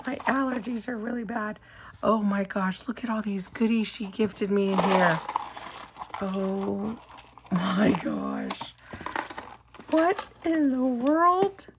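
Woman, crafting vlogger, casual unboxing chat, slow drawn-out delivery, gushing and excitable, losing her voice. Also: mid-range voice, heavy background noise. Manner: gushing, excitable, repeats "oh my gosh".

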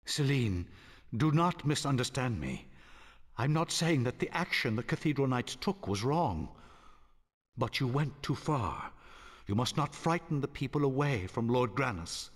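A solemn, commanding church leader with a lively voice. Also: male voice, mid-range voice. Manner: measured, authoritative, pleading for calm. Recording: long reverb, game audio.

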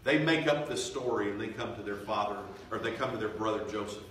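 A man preaching a revival sermon, swelling loud and slow for emphasis, then dropping to quiet, confiding tones. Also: fairly low pitch, slight background noise. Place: church sanctuary. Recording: echoey church from far off.

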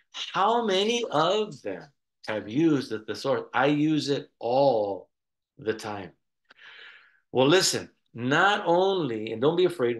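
Male pastor, slightly high voice, animated rambling sermon delivery. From United States. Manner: rambling, animated storytelling with restarts.

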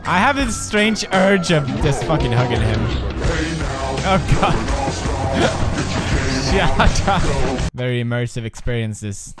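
A young man hosting a joking let's-play commentary, excitable and prone to yelps and laughter. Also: mid-range voice, measured pace, long pauses, loud music behind the voice. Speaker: gaming video host.

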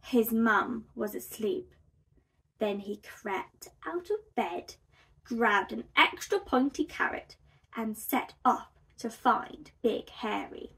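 Gentle woman reading a children's story. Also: on the high side, slow pace, creaky. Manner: gentle and expressive. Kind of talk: children's read-aloud narration.

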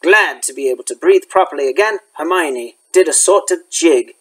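A male schoolteacher reading a children's novel aloud in an expressive storytelling manner. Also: a little high, moderate pace, breathy edge, low-quality recording. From United States. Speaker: teacher.

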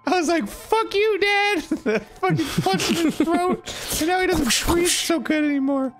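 A man putting on a high falsetto to voice a timid teenage girl in a video game. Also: expressive, unhurried, fairly bright tone, soft background music, exaggerated voice. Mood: boastful. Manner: squeaky falsetto reading of girl characters' lines.

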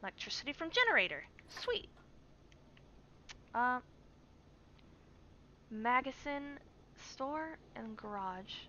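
A woman's voice: high voice, animated, slow pace, pauses often, pushed and bright. A woman streamer giving chatty, jumpy live commentary while playing a survival game, reading on-screen text aloud. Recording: dull stream mic with faint hiss.

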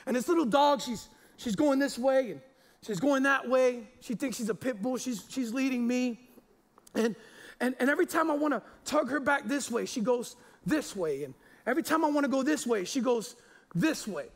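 A man's voice: extremely high pitch, animated, moderate pace. A man in his forties, a pastor preaching a sermon in a chatty, jokey way, stumbling over repeated words and fillers.

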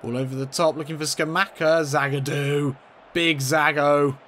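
A man commentating his own football video game match in a playful mock-commentator style, getting excitable and leaping up in pitch at chances. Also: moderate pace, slight background noise. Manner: excitable, jumps high in pitch at chances, laughs often.

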